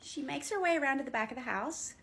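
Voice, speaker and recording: Casting: young woman, lively and blunt, swears freely, casual ghost storyteller. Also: high-pitched, fast talker, creaky. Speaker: paranormal storyteller.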